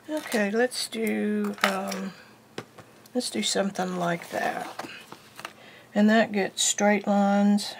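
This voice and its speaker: A woman teaching a casual drawing lesson, chatty and unhurried, thinking aloud as she works at her desk. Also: mid-range voice, fairly even intonation, slight background noise. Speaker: art teacher.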